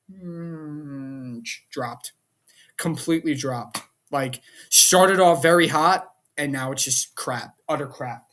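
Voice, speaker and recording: Somewhat high-voiced, a man rants through a casual vlog review of a wrestling show. He's animated and exasperated, peppering his talk with rhetorical questions.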